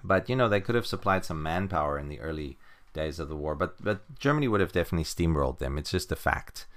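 Deep-voiced man rambling in casual chat. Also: lively intonation, quick pace, a bit bright. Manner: rambling, filler-heavy, chuckles often. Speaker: comic book podcast co-host.

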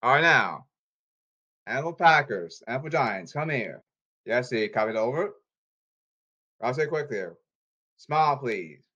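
A man talks casually to his viewers in an animated, sing-song voice that swoops up and down. He rambles, repeats phrases and hops from one topic to the next. The recording sounds dull and lo-fi. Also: mid-range voice, unhurried, pauses often. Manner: repetitive, jumps between topics. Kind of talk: casual rambling talk to camera.

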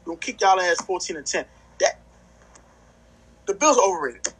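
A man with a high, breathy, husky voice co-hosts a casual sports podcast. He talks trash with lively bluster and keeps stammering on repeated words as he builds his point. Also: normal speed, rough recording. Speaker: podcast co-host.

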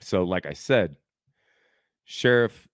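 A man's voice: low-pitched, expressive, slow, dry recording, clean studio sound. A man in his thirties, a podcast co-host, telling a story in casual chat and acting out the quotes, saying "dude" a lot.

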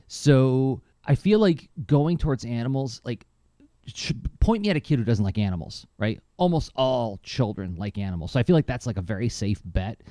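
A middle-aged man talking casually as a podcast co-host, telling stories with lively enthusiasm. His voice is mellow and warm, and the sound is close and dry. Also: normal speed, no echo. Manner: animated, enthusiastic storyteller with lively pitch jumps. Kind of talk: casual chat.

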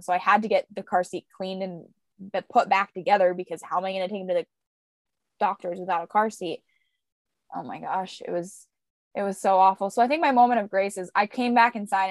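A young woman co-hosting a podcast, telling a lively story about her baby in casual chat with animated, expressive delivery. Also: dry recording. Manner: animated storyteller, squeaky voices for quoted baby. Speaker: podcast co-host; young mother.

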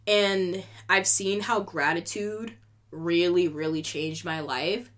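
A woman's voice: lowish voice, steady tone, takes it slowly, fairly bright tone. A young woman hosting her own podcast, talking candidly and emotionally in a casual rant, full of "like" and swearing. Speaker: podcast host.

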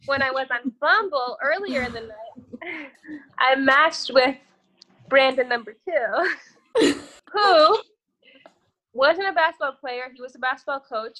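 A young woman chats as a podcast guest, her voice high and bright. She rambles through her story with plenty of swearing and offhand asides. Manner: profane, rambling, says "whatever" a lot. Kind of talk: casual storytelling chat.

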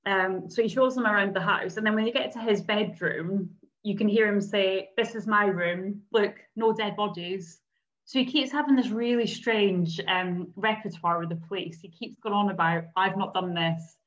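A woman's voice: medium pitch, moderate pace, hardly any pauses. A woman, co-hosting a podcast and recounting a case in casual chat, acting out quotes as she goes. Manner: animated storyteller, acts out quotes. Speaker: podcast co-host. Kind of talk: casual true-crime chat. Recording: slightly dull lo-fi sound.

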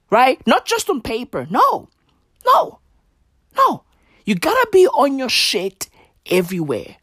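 A woman's voice: medium pitch, dry recording, studio quality. A woman ranting in a brash, profane, slang-heavy comedic style. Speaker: comedic commentator.

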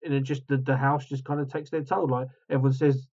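A man's voice: medium pitch, flat delivery, quick pace, darkish tone. A man co-hosting a podcast, chatting about a film in an easygoing way with lots of "um" and "like". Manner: easygoing, filler-heavy. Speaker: podcast co-host. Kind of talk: casual film discussion. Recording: slightly dull lo-fi sound.

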